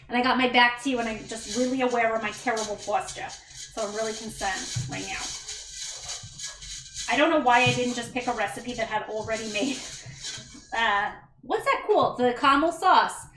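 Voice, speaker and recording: Cooking at home on a livestream, a mother talks casually with her viewers, thanks them individually by name and makes self-deprecating asides. Her fairly high, slightly bright voice runs a little fast, recorded far away and a bit off-mic in an echoey room over soft background music.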